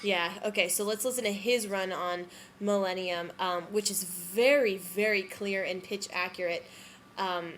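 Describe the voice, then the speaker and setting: A woman's voice: mid-range voice, fairly even intonation, measured pace, fairly bright tone, soft background music. Chatty woman musing over recordings. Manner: chatty and musing, with frequent ums and self-corrections; unsure, hedging her opinions. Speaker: vlogger reviewing musical theatre recordings. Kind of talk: casual commentary.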